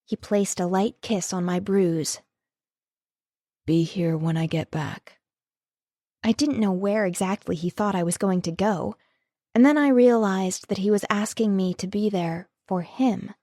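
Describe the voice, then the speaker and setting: Woman narrator, emotive first-person audiobook read, medium pitch, dry close sound. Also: moderate pace, warm tone, dry recording. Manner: emotive reading.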